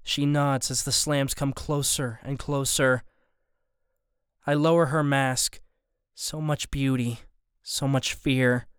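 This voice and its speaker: A man narrating a first-person story as an audiobook narrator, steady and even. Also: mid-range voice, slow, smooth, no room sound, studio quality.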